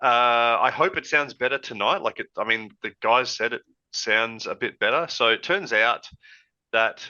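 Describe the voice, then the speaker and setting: Bright-voiced man on a lo-fi headset. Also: medium pitch, moderate pace. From Australia. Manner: rambling, easygoing, laughs often. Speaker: podcast co-host. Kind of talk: casual chat. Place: hot room at home with big fan. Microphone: old headset. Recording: lo-fi headset audio.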